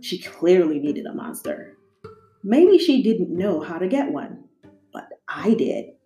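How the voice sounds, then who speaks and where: A woman reads a children's storybook aloud, unhurried and expressive. Her pitch rises and falls in a lively, sing-song way. The room is roomy, with soft music behind.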